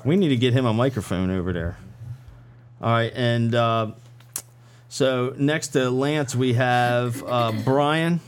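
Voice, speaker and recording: A man's voice: mid-range voice, slow, slight background noise. Loose, joking male podcast host. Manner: loose, swearing, laughs easily. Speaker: podcast host interviewing a band. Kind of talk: casual joking interview.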